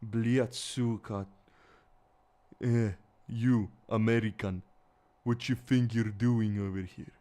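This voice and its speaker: A man's voice: mid-range voice, steady tone, slow pace, dark tone, close to an everyday voice. Man putting on a brash Eastern European street tough. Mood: mocking tough. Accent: exaggerated Eastern European. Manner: gruff, confrontational, mocking.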